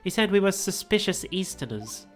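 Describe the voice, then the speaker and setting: A woman voicing a polite, earnest young female assistant in a game, in a raised, bright voice. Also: medium pitch, big pitch swings, moderate pace, faint music behind, voice pushed up, natural voice.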